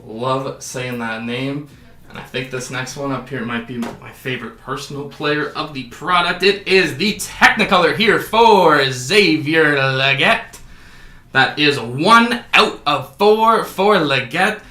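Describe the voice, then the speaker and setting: A man's voice: a little high, measured pace, sharp tone, roomy sound. A man hosting a sports card break, calling out each card and adding jokey asides. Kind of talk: casual card-opening commentary.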